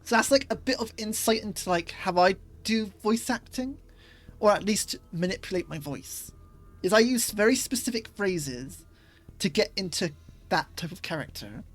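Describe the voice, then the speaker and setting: A woman's voice: mid-range voice, animated, moderate pace. A woman streamer chatting casually as she plays, rambling a little with fillers. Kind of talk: casual gaming stream commentary.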